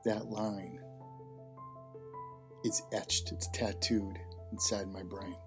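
A man's voice: on the low side, flat delivery, slow, over music. A man hosting a health talk, telling a personal story in a conversational way and repeating key phrases for emphasis. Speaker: host.

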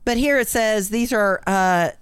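A woman's voice: medium pitch, measured pace, clear, resonant tone, dry recording, studio quality. A woman co-hosting a casual podcast, reading funny posts aloud and laughing often as she goes. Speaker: podcast co-host.

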